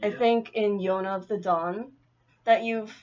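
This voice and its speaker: Female co-host, deadpan teasing, casual talk, mid-pitched voice, lo-fi audio. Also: measured pace. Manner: dry, teasing remarks. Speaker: podcast co-host. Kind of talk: casual chat.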